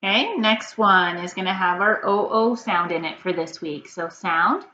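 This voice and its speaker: A woman teacher leading a phonics reading lesson for young children, prompting slowly and patiently, sound by sound. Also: lowish voice, pushed and bright. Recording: dull, slightly noisy, roomy sound.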